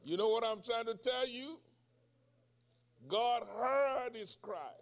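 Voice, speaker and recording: A man in his sixties preaches with a high-pitched voice, taking his time over each phrase. He keeps asking the congregation questions and bursts into loud cries of prayer. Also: takes it slowly. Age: 60s. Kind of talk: sermon.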